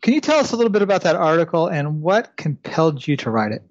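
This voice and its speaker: A man's voice: on the high side, sing-song, fast talker, muffled recording. A man hosting a podcast who praises an answer and asks a friendly follow-up question. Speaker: podcast host. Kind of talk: podcast interview.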